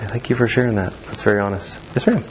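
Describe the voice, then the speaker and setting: A man's voice: on the low side, fairly even intonation, fast talker, background noise. A man teaching a church youth class in a casual way, with lots of fillers, restarts and easy laughs. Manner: chatty, many fillers and restarts, laughs easily.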